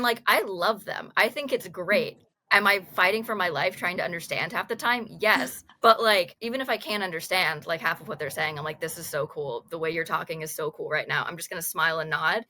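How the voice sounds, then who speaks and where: Young American woman, animated student guest, bright forceful voice. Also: lowish voice. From United States. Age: young adult. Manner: animated, laughing storyteller. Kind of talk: casual podcast chat.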